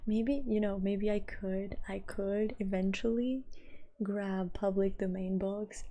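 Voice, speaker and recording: A woman from Portugal with a light Portuguese accent, chatting casually with her livestream viewers, laughing often and sometimes dropping into a soft whisper. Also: medium pitch, level tone, a little slow, vocal fry. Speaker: streamer.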